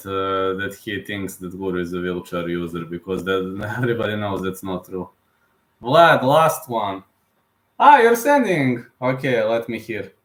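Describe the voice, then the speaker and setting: A man's voice: fairly low pitch, fairly bright tone. A man hosting a live stream, commenting casually in a rambling way that repeats itself, with non-native phrasing. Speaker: streamer host.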